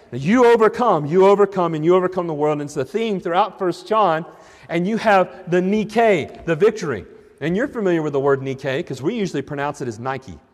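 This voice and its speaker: High-voiced preacher in a reverberant hall. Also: male voice. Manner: questioning, emphatic, with many restarts. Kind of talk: sermon.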